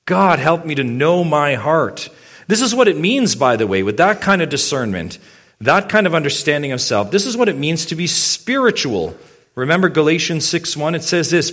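A man's voice: a little high, sing-song, moderate pace, a bit bright. A male pastor preaching a sermon. He speaks emphatically, poses many rhetorical questions and addresses his congregation directly.

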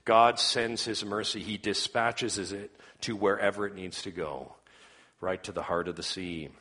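A man preaching a sermon, moving between loud emphatic calls and quiet low asides. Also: fairly even intonation, unhurried, husky. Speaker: pastor.

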